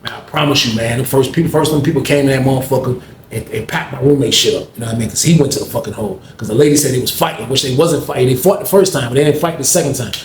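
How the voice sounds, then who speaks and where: A man's voice: mid-range voice, rapid-fire. A man animatedly telling a profane story, acting out the scene as he goes, recorded in an echoey room. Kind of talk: casual storytelling. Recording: echoey room with faint background noise.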